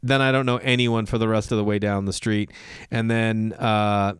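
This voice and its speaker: A comedian host in his thirties tells a comic story as a monologue, animatedly acting out other people's voices and swearing freely. His lowish voice is clear and resonant at a moderate pace, recorded in studio quality with no room sound.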